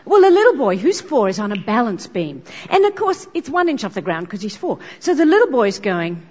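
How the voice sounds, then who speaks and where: An exuberant woman working a crowd as a motivational speaker. Her voice is high and swings wildly in pitch, heard through a muffled, echoey hall recording with music faint underneath. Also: very animated, a little fast, husky. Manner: exuberant, shouts ta-da. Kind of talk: energetic stage keynote.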